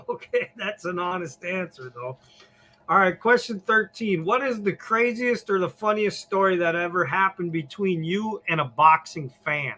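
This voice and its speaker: A male podcast host works through a list of numbered questions, with short reactions to the answers. His voice is bright and sits fairly high. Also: moderate pace. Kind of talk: interview questions.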